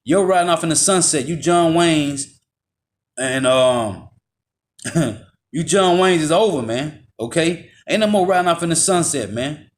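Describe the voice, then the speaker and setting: Fiery preacher man, slightly high voice. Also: lively intonation. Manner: forceful and confrontational, drops low on tag words, slows to read scripture. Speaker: street preacher. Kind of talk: fiery street sermon with scripture reading.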